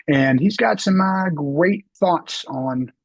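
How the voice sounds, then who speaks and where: A man hosting a casual interview as a real estate agent, speaking with energy and quick asides. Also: a little high, creaky, dry recording.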